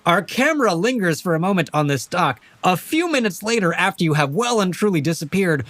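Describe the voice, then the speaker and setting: A man narrating as game master of a tabletop game, relaxed and rambling, often laughing. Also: high voice, fairly quick, few pauses, no echo, soft background music.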